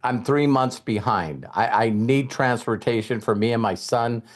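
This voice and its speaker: A motivational speaker with a mid-range male voice and a measured pace shares a story with an audience. It's a conversational, emphatic retelling of a conversation he once had.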